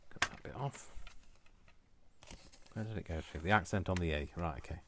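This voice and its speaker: A man's voice: deep voice, normal speed, pushed and bright, slight background noise. A man hosting a casual crafting tutorial at home, rambling and self-mocking as he works. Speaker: crafting video host. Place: room at home.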